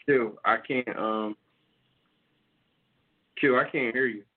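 A man's voice: mid-range voice, slow pace. A man hosting a casual call-in show from home, talking loosely and directly to his listeners over a phone. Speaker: host. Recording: tinny phone-line sound.

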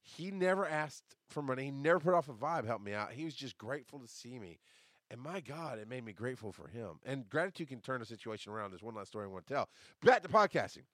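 A man's voice: medium pitch, lively intonation, quick pace, a bit bright, no room sound, studio quality. A man hosting a podcast in a casual, rambling monologue. He swears freely and breaks off to answer live chat comments. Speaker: podcast host.

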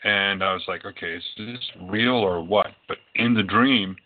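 A man who works as a psychic medium tells his own experiences in casual, rambling storytelling packed with fillers. His voice is on the low side and a little slow, and the audio is tinny, like a phone.

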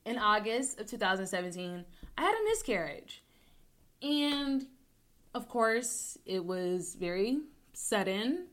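Bright-voiced woman rambling on her talk show. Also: medium pitch, very animated, slow. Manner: rambling, self-interrupting, jokes to deflect; swings between loud bursts and soft mumbles. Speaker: podcast host. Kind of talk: casual personal talk show.

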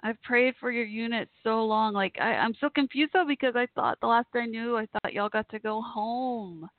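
A woman's voice: on the high side, moderate pace, no room sound. Tinny, gushing woman host. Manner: gushing, emotional, rambling. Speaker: internet radio show host. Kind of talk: casual live chat show. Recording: tinny phone-like sound, dry.

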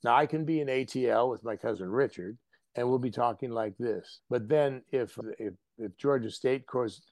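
A man from the American Midwest, an actor and guest, telling anecdotes in a casual interview in an animated way. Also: medium pitch, moderate pace, dry recording. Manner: animated, anecdotal, drops into acted voices.

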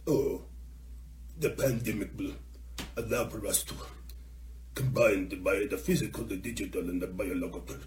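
A man voicing a shriveled old German villain in a low, slow, sinister drawl. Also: a little mellow, far from the mic, slight background noise, natural voice.

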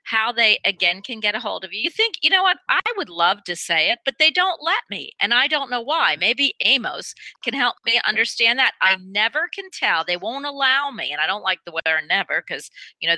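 A woman's voice: medium pitch, bright, forceful tone, no echo, rough recording. A middle-aged woman hosting a radio show, effusive and rambling, sometimes tongue-tied. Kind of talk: casual radio chat.

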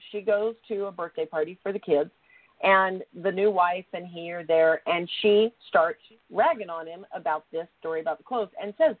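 A woman co-hosting a talk show, telling a story in a casual, animated way and acting out the people in it. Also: mid-range voice, no echo. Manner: animated, acts out quoted voices. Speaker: co-host. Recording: tinny phone-like line.

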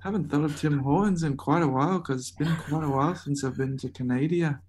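A playful man with an accent that mixes British and Scottish speaks on a group video call. His voice sits a little high, and a faint noise runs under his rambling talk. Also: a little fast, darkish tone. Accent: mixed British and Scottish.

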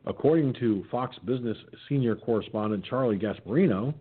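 Speaking fairly quickly in a slightly rough, mid-range voice, this internet radio show host casually reads news items and ridicules them with sarcastic, cursing remarks. He yawns and stumbles along, and the sound is tinny, like it's coming over a phone.

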